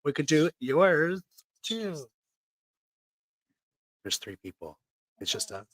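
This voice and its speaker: A man co-hosting a casual talk show, chatty and excitable, often jumping up in pitch. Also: takes it slowly, dry recording. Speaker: co-host.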